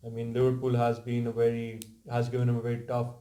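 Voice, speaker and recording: Echoey man in flat football chat. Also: medium pitch, fast talker. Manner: talks over others, restarts phrases. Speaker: football pundit. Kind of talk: casual panel chat.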